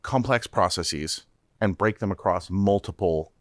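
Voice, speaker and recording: Low-voiced guy on a podcast, animated, lots of restarts, dry close mic. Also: a little slow, no echo. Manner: animated, with many restarts and repeated words. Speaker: startup CEO guest. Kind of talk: podcast interview.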